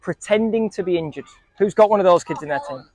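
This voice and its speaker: In a dry recording, a man speaks fast in a high voice with a darkish tone. He's coaching young football players as a group, asking them questions and joking with them.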